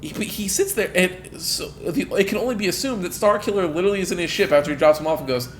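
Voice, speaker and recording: Animated, cursing podcast co-host man. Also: high-pitched, quick pace, a little hiss or hum. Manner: animated, profane, acts out dialogue. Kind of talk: casual podcast chat.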